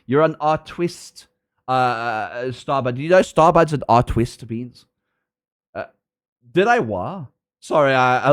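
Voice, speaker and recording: A man streaming a game and chatting with his viewers, teasing them and laughing often. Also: medium pitch. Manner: playful, teasing, laughs often, jumps between loud and mumbled; reads chat aloud and answers viewers. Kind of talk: casual livestream chat.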